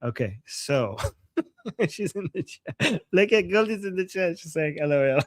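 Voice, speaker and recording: A man from Iran co-hosting a live reaction stream, excitable and laughing often, with bursts of exclamations. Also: high voice, a little slow. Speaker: livestream co-host.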